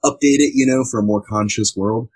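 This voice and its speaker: A man co-hosts a casual podcast, playful and pitching ideas with mock formality. His voice sits low and a little husky, recorded close in a dry room. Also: fairly even intonation, fairly quick, a little mellow, dry recording, rough recording. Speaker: podcast co-host. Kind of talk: casual chat.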